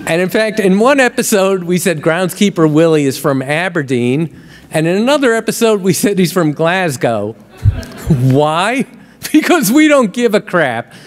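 A man in a lecture hall tells comic stories about his work as a television writer. His voice sits a bit high, and he builds toward each punchline in a dry, wry way. A long reverb from the hall trails his words. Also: big pitch swings, a little slow, slight background noise. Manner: wry, punchline-driven, gets louder and livelier at the jokes. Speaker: TV comedy writer and guest speaker. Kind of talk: storytelling talk to an audience. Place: lecture hall with a live audience.

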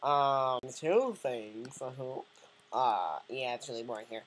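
A woman's voice: very deep voice, slow pace. A woman giving casual, joking let's-play commentary and chatting to the game's characters. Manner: joking, rambling, talks to game characters.

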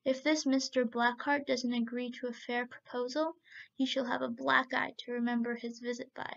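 A gentle, soothing young man from a storybook tale, read by a woman in a high, gravelly voice. He talks earnestly and kindly, through a muffled lo-fi recording. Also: flat delivery, moderate pace.

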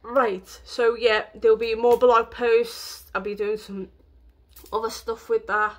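A woman's voice: a little high, little pitch movement, a little slow. A woman vlogging in a rambling, emotional way, with lots of fillers. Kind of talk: casual vlog talk.

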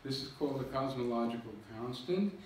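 A man's voice: mid-range voice, expressive, fairly quick, a little hiss or hum. A man giving a public lecture with slides, explaining step by step and poking fun at himself. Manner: jokey, self-deprecating, explains with slides. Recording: echoey hall recording from far off.

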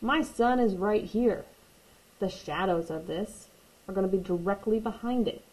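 A woman's voice: mid-range voice, unhurried, darkish tone, poor audio. A woman teaching a watercolor painting tutorial, patient and reassuring, repeating her key points. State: hiccups. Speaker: art teacher.

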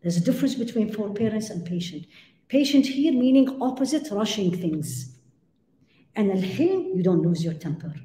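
A woman's voice: medium pitch, big pitch swings, moderate pace, dark tone, a little hiss or hum. A woman giving a religious lecture to a live audience, emphatic, asking rhetorical questions and weaving in Arabic phrases. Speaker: Islamic lecturer. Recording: echoey lecture room.

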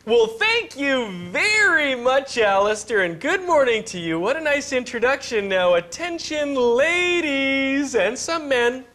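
A man's voice: extremely high pitch, very animated, a little slow, hardly any pauses, sharp tone. A man co-hosting a comedy morning show, asking absurd questions in a playful, straight-faced way. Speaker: co-host. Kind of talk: improvised mock interview.

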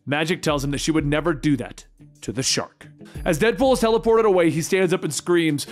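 A man narrating a comic book story in a lively, quick recap style. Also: on the high side, soft background music.

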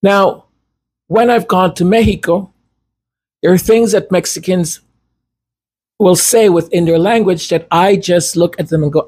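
A man's voice: high voice, unhurried, long pauses, darkish tone, slightly rough. A man whose first language is Spanish, hosting a casual, rambling commentary monologue with self-deprecating asides. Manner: chatty, digressive, self-deprecating. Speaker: commentary channel host.

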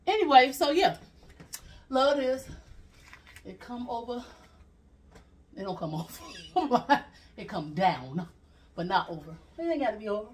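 A woman vlogger chatting casually through a clothing haul, animated and laughing often. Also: fairly high pitch, unhurried, pauses often, recorded from a distance.

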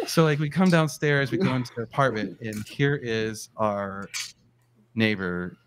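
A man telling a story in a casual live show chat, swearing freely and acting out quotes in a high voice. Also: normal speed, a little hiss or hum.

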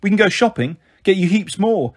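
A man reads as a dreamy young girl, eager and earnest, who turns bossy with her little brother. The voice is lifted slightly and has a husky edge. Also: sits high, lively intonation, normal speed, voice pushed up. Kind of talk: audiobook character voice.

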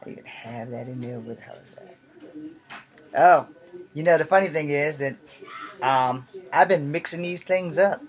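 A woman's voice: low-pitched, normal speed, long pauses, rough recording. A woman talking casually between her own songs, emotional, self-deprecating and rambling with many fillers. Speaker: amateur songwriter.

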